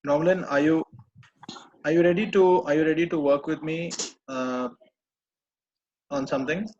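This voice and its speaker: A man coaching a live group, gently repeating reassuring phrases. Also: on the high side, fairly even intonation, normal speed, dull audio. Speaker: personal growth coach.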